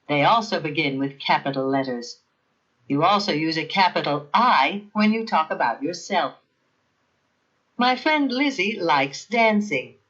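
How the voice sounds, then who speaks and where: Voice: medium pitch, a bit bright, muffled recording. A narrator giving a scripted grammar lesson in a careful, evenly paced teaching manner.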